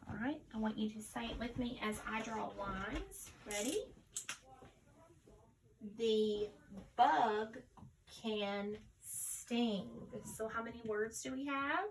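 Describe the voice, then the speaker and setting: A woman teacher leading a recorded phonics dictation lesson, sounding out each word slowly and deliberately. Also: a little high, slight background noise.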